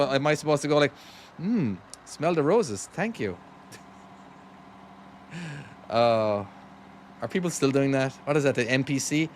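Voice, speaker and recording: A man with a Cork Irish accent softened by years in America, chatting casually with viewers and thanking them while he plays a trucking game on a live stream. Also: medium pitch, slight background noise. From Ireland.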